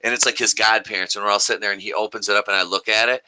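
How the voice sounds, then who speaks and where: A man and father co-hosting a podcast, telling a story in animated casual chat, swearing. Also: on the low side, very fast, clean tone, rough recording. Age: adult parent. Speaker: podcast co-host.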